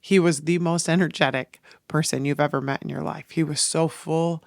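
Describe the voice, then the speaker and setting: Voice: mid-range voice, fairly even intonation, moderate pace, gravelly, dry recording, studio quality. A podcast host speaking in a personal, reflective monologue, earnest and emotional, rambling through thoughts with restarts.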